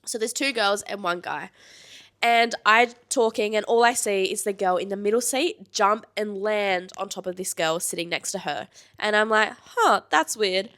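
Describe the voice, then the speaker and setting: A woman's voice: mid-range voice, a bit bright. A woman co-hosting a podcast, chatting casually and telling a story from her job. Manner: conversational, quick interjections. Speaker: podcast co-host, trip manager.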